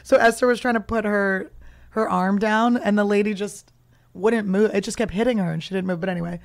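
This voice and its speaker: A woman in her thirties hosting a comedy podcast, telling a story in a loose, animated way and laughing often. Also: mid-range voice, brisk. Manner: animated, laughing, talks over her guest. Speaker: podcast host.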